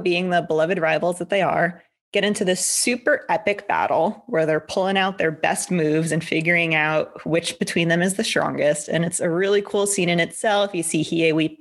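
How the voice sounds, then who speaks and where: A woman co-hosting a casual anime discussion, talking with playful, teasing asides. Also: fairly low pitch. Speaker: co-host.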